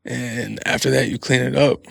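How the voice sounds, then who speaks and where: A man's voice: mid-range voice, level tone, normal speed, vocal fry, no room sound, clean studio sound. A man in his thirties hosting a casual solo podcast, rambling and swearing freely with frequent laughs. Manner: profane, laughing, rambling storyteller. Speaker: podcast host.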